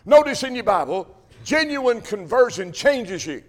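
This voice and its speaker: Preacher, man, high-pitched, fervent and repetitive, pulpit sermon. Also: very animated, a little slow. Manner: emphatic, repetitive, rising to shouts. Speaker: Baptist preacher.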